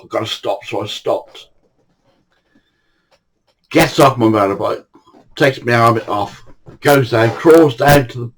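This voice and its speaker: A man's voice: mid-range voice, rough recording. An older man, casually telling anecdotes in a blunt way, swearing freely. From England. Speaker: storyteller.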